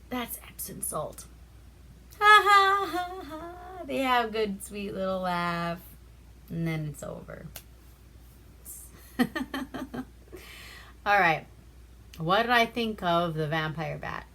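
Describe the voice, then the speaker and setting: A woman from Alaska, a movie reviewer, casually retells a film's plot in a loose, chatty way, swearing freely between filler words. Her voice is on the low side and a bit bright.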